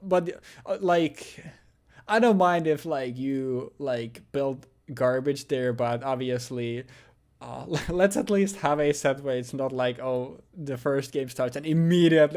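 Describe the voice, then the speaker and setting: Young man, co-host, casual chat, joking, filler-heavy, mid-pitched. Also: measured pace, a little mellow. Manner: loose and joking, lots of fillers and swearing. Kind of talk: casual chat about a card game.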